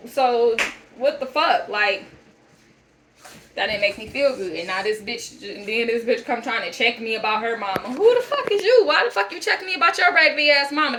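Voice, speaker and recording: A woman's voice: sits high, bright, forceful tone, poor audio. A young woman telling a story as a casual rant, blunt, profane and exasperated. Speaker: vlogger.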